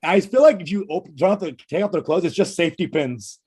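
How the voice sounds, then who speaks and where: A man's voice: sits high, fast talker, darkish tone, husky. A male comedian co-hosting a podcast in casual chat, riffing and swearing often between laughs, heard over a video call. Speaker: co-host, stand-up comedian.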